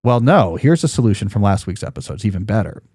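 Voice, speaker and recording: A man's voice: lowish voice, sing-song, fast, a little mellow, breathy edge, dry recording, clean studio sound. A man in his forties hosting a podcast in casual chat, rambling and joking, with lots of fillers and restarts. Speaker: podcast host.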